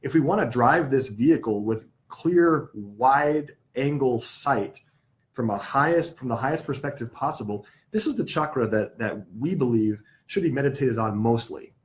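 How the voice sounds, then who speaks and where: A man teaching a live yoga class, explaining in an unhurried way and stopping now and then to correct himself. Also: medium pitch, expressive.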